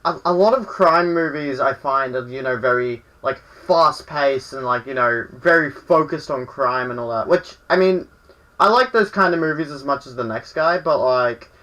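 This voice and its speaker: Aussie guy rambling about movies, bright sharp tone, mid pitch, filler words everywhere. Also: normal speed, low-quality recording. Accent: Australian. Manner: rambling, lots of "like" and "you know". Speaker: podcast guest. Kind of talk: casual film discussion.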